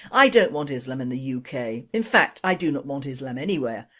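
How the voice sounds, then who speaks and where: A woman's voice: a bass voice, animated, brisk, fairly bright tone. A woman hosting a radio opinion news show, scornful and sardonic. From Britain.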